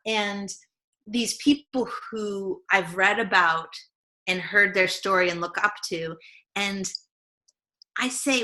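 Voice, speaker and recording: A woman's voice: mid-range voice, takes it slowly, pauses often, pushed and bright. A woman lifestyle coach, a podcast guest, talking earnestly and reflectively, acting out the voices in her head. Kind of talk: conversational interview.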